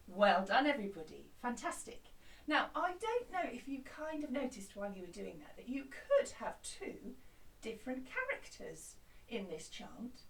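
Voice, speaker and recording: A woman music teacher giving a lively, encouraging lesson to young children, chanting along with them. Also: fairly high pitch, unhurried, gravelly, recorded from a distance. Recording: roomy, from off mic.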